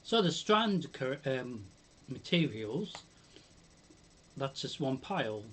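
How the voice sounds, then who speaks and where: A man's voice: medium pitch, very animated, slow, slight background noise. Hesitant British man streaming a game. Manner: musing, hesitant, lots of hums and ums. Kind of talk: casual live game commentary.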